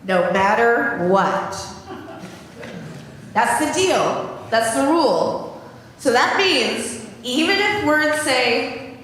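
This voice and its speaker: A woman's voice: sits high, slow pace, long pauses. Playful woman reading to children, echoey hall. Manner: animated, silly voices and sing-song. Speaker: leader of the children's story at a church service. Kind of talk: playful read-aloud to children. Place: large church sanctuary. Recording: echoey hall from far off, noisy.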